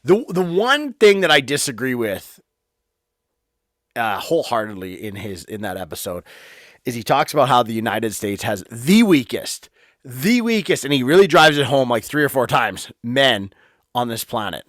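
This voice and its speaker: A man's voice: mid-range voice, very animated, moderate pace, fairly bright tone, no echo. Guy ranting on his home podcast, blunt and sweary, dry close sound. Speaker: podcast host. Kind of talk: casual opinion monologue. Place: home office.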